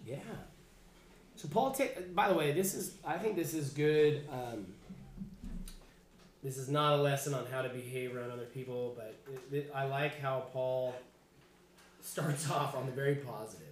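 A man's voice: medium pitch, normal speed. Chatty man teaching an echoey Bible class. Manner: casual, chatty, restarts a lot. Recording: echoey room, faint background noise.

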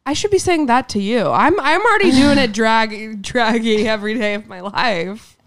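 Joking quick-talking young woman. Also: fairly high pitch, lively intonation, no echo. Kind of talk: casual chat.

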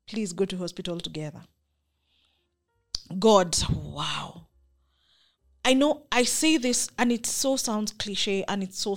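Young kenyan woman talking to camera, earnest and emphatic, mid-pitched voice. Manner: earnest, emphatic, faith-filled. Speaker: vlogger. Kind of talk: reflective personal monologue.

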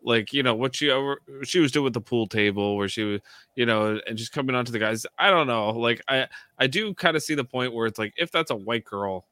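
A man's voice: medium pitch, brisk, bright, forceful tone, no echo, studio quality. A man co-hosting a casual podcast chat, rambling with lots of "like" and restarts. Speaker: podcast co-host.

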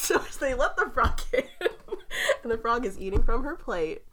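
A woman in casual chat, retelling a fairy tale with frequent giggles and animated storytelling. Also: on the high side, unhurried.

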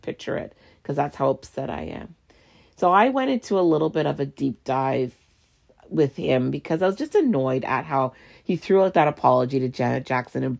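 Woman podcast host with a low voice and a heated, profane ranting manner. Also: vocal fry, darkish tone. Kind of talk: solo podcast rant.

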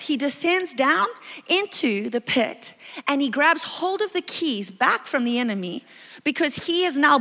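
High, bright-voiced woman preaching in a hall. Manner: passionate, builds to impassioned crescendos, drops to quiet asides. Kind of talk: sermon. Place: large church hall. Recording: reverberant hall with music behind.

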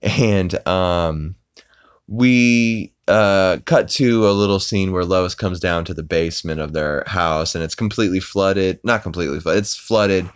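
A man's voice: low-pitched, measured pace, smooth, no echo. A man hosting a podcast, casually recapping an episode with rambling asides and lots of fillers. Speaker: podcast host.

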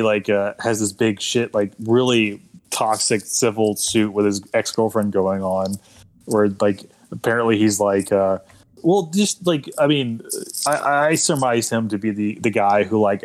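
A man's voice: on the low side, fairly even intonation, normal speed. Guy on a podcast joking around, loose and sweary. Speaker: podcast co-host. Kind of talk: casual podcast chat.

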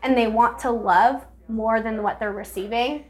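A woman's voice: on the high side, steady tone, moderate pace. A young woman telling a personal story candidly on a casual podcast, saying "like" constantly. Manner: candid storytelling, heavy use of "like". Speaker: podcast guest.

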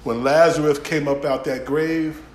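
A man preaching a folksy sermon, swinging from shouts to near-whispers. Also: on the high side, fairly even intonation, measured pace, roomy sound. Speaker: pastor.

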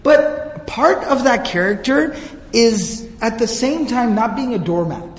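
A man's voice: very high-pitched, animated, unhurried. A male teacher giving a storytelling religious history lecture with casual asides. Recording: echoey hall.

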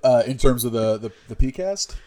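A man's voice: mid-range voice, animated, moderate pace, warm tone. A man co-hosting a casual podcast, joking and teasing in a playful way. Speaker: podcast co-host.

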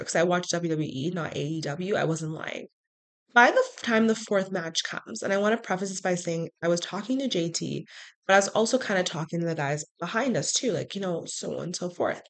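A woman hosting a podcast, telling a personal story in a frank, animated way with sarcastic asides. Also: mid-range voice. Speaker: podcast host. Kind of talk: casual storytelling monologue.

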